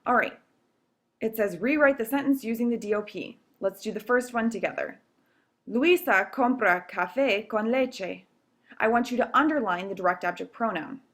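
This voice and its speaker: A woman's voice: a little high, normal speed, fairly bright tone. A woman teacher explaining grammar rules step by step in a recorded video lesson, patient and checking in with "okay?" often. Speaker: Spanish teacher.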